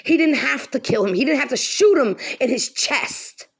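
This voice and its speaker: A woman vlogger rants straight to camera in a high voice that swings widely up and down. She is heated and profane, hammering her points home by repeating them. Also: animated, normal speed, breathy edge. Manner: heated, profane, emphatic, repeats lines for stress. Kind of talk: angry direct-to-camera rant.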